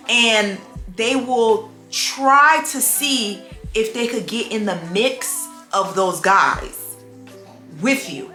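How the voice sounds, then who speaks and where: A woman's voice: mid-range voice, slow pace, faint music behind. A young adult woman, chatting casually on her vlog and acting out the people in her stories. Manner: animated storytelling, acts out quoted voices. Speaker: vlogger. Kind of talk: casual chat. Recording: echoey room.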